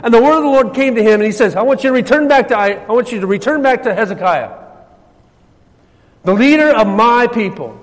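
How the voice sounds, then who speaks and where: High-voiced preacher man in a reverberant hall. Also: animated, a little fast. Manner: swings between loud emphasis and soft, hushed passages. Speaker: pastor. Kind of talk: sermon.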